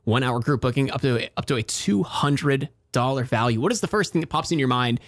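A man in his thirties hosting a morning radio show, reading promos and bantering with co-hosts in an animated way. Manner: animated, sweeping pitch, reads promos quickly.

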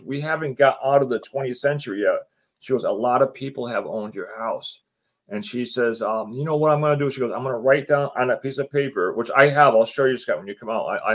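A middle-aged man telling a personal story as a guest, retelling the conversations line by line and acting out what people said to him. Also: medium pitch. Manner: chatty, often says "she goes" and restarts his sentences. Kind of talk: casual spoken anecdote.

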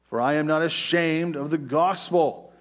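Emphatic male pastor preaching. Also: a little high. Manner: emphatic, slows down to stress key words, many "right?" asides. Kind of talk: sermon.

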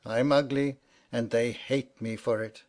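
A man reading the part of a gloomy old sailor, sad and resigned, who speaks low and without complaint. The voice sits in a middling register and keeps the plain tone of a storybook read aloud. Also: fairly even intonation, measured pace, darkish tone, natural voice. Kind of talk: audiobook reading.

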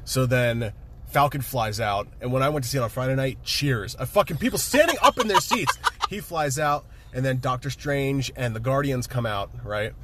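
A man casually retelling a movie with excitement, swearing freely and laughing often. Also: mid-range voice, normal speed, noisy background. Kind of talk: casual chat, movie recap.

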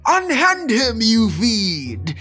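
A man's voice: fairly high pitch, huge pitch swings, measured pace, vocal fry, fairly bright tone, pitched above the performer's own voice, exaggerated voice. A man doing an impression of a famous singer as an outraged, pompous father. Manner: indignant, theatrical.

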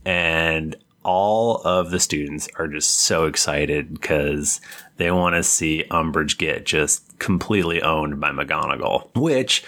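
A man hosting a casual podcast, retelling the story and quickly acting out characters in passing, laughing often. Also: extremely low pitch, pushed and bright. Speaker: podcast host recapping a book.

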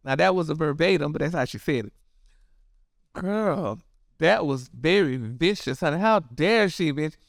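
A man's voice: a little high, expressive, a little slow, creaky, dry recording, studio quality. A man hosting celebrity gossip in a sassy, dramatic way, calling everyone honey and girl. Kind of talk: casual gossip commentary.

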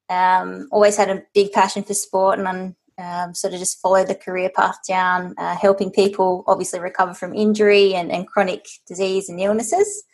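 A woman, a strength and conditioning coach, answering interview questions casually with frequent fillers. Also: mid-range voice. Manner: casual, many fillers, steady and level.

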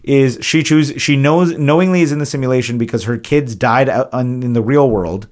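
A man's voice: medium pitch, normal speed, darkish tone. A man co-hosting a podcast, casually and profanely retelling a film's plot. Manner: loose, profane retelling with acted-out quotes. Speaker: podcast co-host. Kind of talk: casual movie recap chat.

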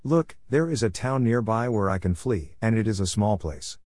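A man's voice: lowish voice, expressive, normal speed, darkish tone, no echo, clean studio sound, natural voice. A man reading the lines of an anxious man who pleads urgently. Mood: pleading. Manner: urgent, imploring.

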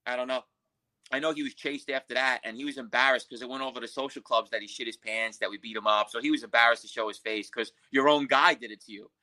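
A man's voice: mid-range voice, fairly even intonation, fast, sharp tone, poor audio. A man telling a crime story as a podcast guest, in blunt, profane street talk. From Queens, New York. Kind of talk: storytelling interview.

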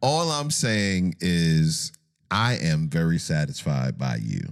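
A man co-hosting a casual late-night podcast, teasing his co-host with deadpan jabs. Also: sits low, slow, clean tone.

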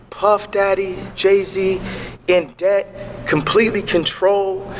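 Impassioned high-voiced man. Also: fairly bright tone, long reverb tail, a little hiss or hum. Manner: preachy, impassioned, rambling. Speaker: interview guest. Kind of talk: animated interview talk.

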